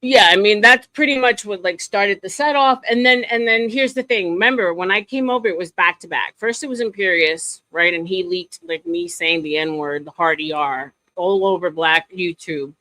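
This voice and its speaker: A woman's voice: fairly low pitch, moderate pace, hardly any pauses, dry recording, low-quality recording. Woman telling drama stories, dry sound. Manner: animated storytelling with many fillers. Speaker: streamer guest. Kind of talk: casual chat.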